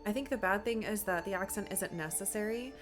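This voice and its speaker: Young woman from Appalachia, casual rambling streamer chat with a middling voice over soft game music. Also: medium pitch, fairly quick. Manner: chatty and rambling, many fillers. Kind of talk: casual gameplay commentary. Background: faint game music.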